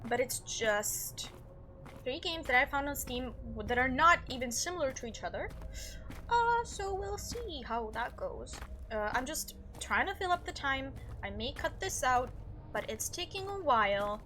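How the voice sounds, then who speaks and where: A woman's high, very lively voice leaps up and down as she plays through a game on camera. Her commentary is nervous and jumpy, and she keeps talking back to what happens on screen. Her tone stays bright and clear throughout. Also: measured pace, a little hiss or hum. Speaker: gaming video host. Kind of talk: let's-play commentary.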